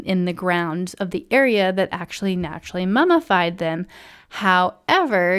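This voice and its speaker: A chatty woman hosting a podcast, telling a travel story with animated energy. She laughs often and acts out the people she quotes with quick changes of voice. Her voice sits at an everyday middle pitch for a woman. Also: clear, resonant tone. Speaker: podcast host.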